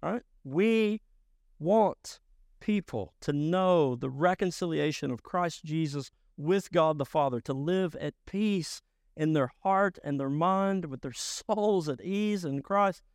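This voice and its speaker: A man preaching a sermon as pastor, emphatic and rising to loud bursts. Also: a little high, slow pace, smooth, dry recording, clean studio sound.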